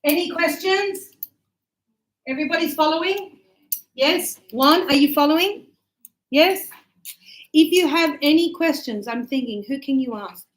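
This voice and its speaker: A woman's voice: high voice, unhurried, pauses often, low-quality recording. A woman teaching English grammar to a class, chatty and checking in with her students often.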